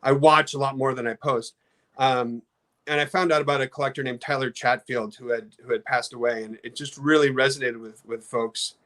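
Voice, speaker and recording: A middle-aged man talking casually on a podcast about customer service, halting often with restarts. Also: mid-range voice, fairly even intonation, fairly bright tone. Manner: halting, many restarts, storytelling with acted quotes. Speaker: card company customer experience head. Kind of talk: casual podcast talk with slides.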